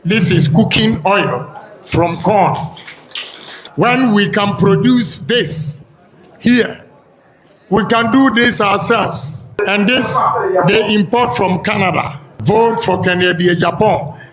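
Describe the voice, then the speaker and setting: Slow, high-voiced Ghanaian campaigner. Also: male voice, crowd noise, rough recording. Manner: slow, deliberate, lists points one by one. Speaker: politician. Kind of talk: campaign speech.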